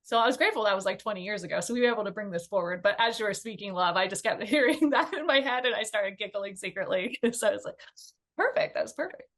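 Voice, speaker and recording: A chatty woman co-hosting a spiritual panel discussion. She talks in an animated, conversational flow at a mid pitch, full of fillers and small giggles. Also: fast talker, few pauses.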